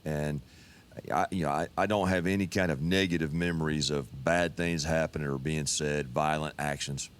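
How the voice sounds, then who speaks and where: Deep-voiced man in his fifties, folksy storyteller. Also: fairly even intonation, normal speed. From Texas. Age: 50s. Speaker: pastor. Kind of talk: storytelling a personal testimony.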